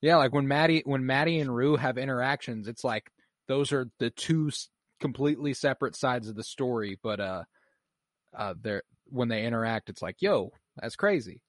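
A man's voice: medium pitch, fairly even intonation, normal speed, dry recording. A man in casual chat about a TV show, laid-back and opinionated, swearing freely.

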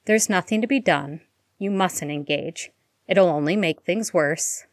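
A woman reading a story aloud and voicing a gentle former teacher who speaks in a calm, measured way. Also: on the low side, dry recording, studio quality, lightly acted.

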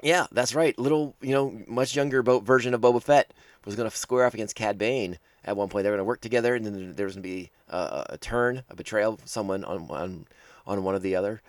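A man's voice: fairly low pitch, fairly quick, dry recording, studio quality. A man hosting a casual show episode breakdown podcast, talking enthusiastically and rambling with many restarts. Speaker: podcast host.

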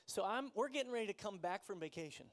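High-voiced man preaching a sermon. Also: animated, quick pace. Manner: conversational storytelling, self-deprecating, laughs often. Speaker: pastor.

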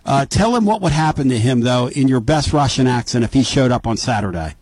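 A man hosting a radio interview, brash and joking, quick to banter with his guest. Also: mid-range voice, expressive, darkish tone, dry recording, rough recording. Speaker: radio host.

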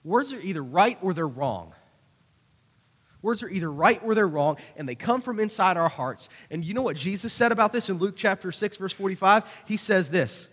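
A man preaching a conversational youth sermon, animated, with acted-out asides. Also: sits high, normal speed, husky. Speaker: youth pastor. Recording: hall reverb.

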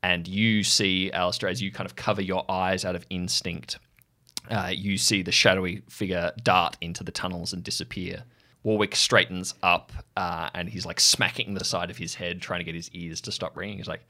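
Low-voiced man narrating as game master. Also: normal speed. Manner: vivid, lively storytelling with fillers.

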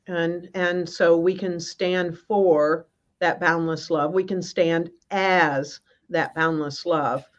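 A woman guest minister telling a personal spiritual story on a video call, in an earnest, halting way with many restarts. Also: lowish voice, fairly even intonation. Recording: slightly muffled.

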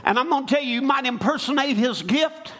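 A man preaching a sermon, rising from calm storytelling into loud, fervent exhortation. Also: extremely high pitch, fairly quick. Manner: building to shouted exhortation.

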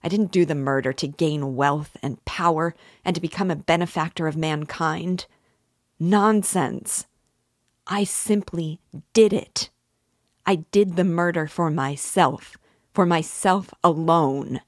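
A woman's voice: sits low, slow pace, dry recording, studio quality. A woman reading the part of a feverish, tormented young man in an intense confessional monologue, as an audiobook reading.

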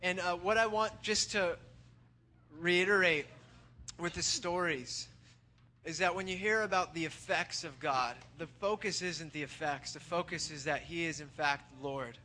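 A man's voice: fairly high pitch, a little slow, pushed and bright, slight background noise. A man leading a church gathering, thanking speakers and encouraging the congregation. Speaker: worship leader.

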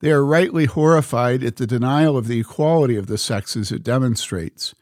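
A man's voice: mid-range voice, darkish tone, no room sound, studio quality. Earnest man reading a book aloud. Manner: measured, earnest reading with spoken quote marks. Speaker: reader.

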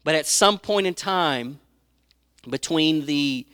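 A man preaching a sermon, retelling Bible stories with lively acted-out voices and reading scripture aloud. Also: a little high, slow pace, clear, resonant tone, no echo, clean studio sound. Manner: animated storytelling, acts out quoted speakers; reads scripture aloud in old-fashioned wording.

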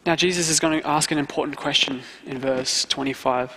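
A student pastor preaching a sermon in an earnest way, repeating key phrases for emphasis. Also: male voice, on the high side, fairly even intonation, a little fast, sharp tone. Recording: long hall reverb.

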